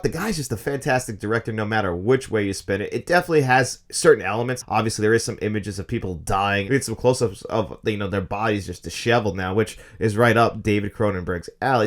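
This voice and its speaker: A man in his thirties talks quickly through a casual film review, eager and opinionated. His pitch sits in a middling range for a man, and the words tumble out at a brisk clip. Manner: fast, enthusiastic, opinionated talk.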